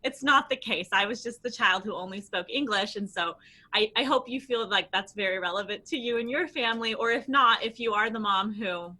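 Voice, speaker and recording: A woman from Los Angeles, a guest on a podcast, chatting in a lively way and laughing often. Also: a little high, a little fast. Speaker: guest, language company founder. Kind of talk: podcast interview.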